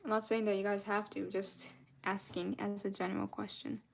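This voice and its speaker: A woman's voice: mid-range voice, flat delivery, normal speed, vocal fry. A woman streaming live as she colors, chatting in a rambling, casual way and thanking her viewers often.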